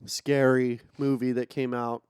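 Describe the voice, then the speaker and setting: A man co-hosting a podcast in casual chat, laid-back and quick to laugh, on a studio mic. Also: medium pitch, little pitch movement, a little mellow, clear, resonant tone, dry recording. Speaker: podcast co-host.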